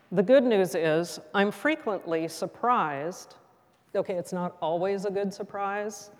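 A middle-aged woman pastor delivering a sermon in a gentle, reflective, measured way. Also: medium pitch. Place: church sanctuary. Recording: long hall reverb.

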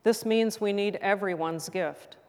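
A middle-aged woman pastor delivering a sermon in a gentle, reflective, measured way. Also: medium pitch. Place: church sanctuary. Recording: long hall reverb.

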